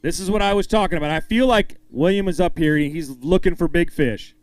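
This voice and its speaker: The voice sits on the high side and runs a little fast, with no echo. He's the emcee at a fishing weigh-in, calling up anglers, announcing weights, and cheerfully hyping and joking with every one of them.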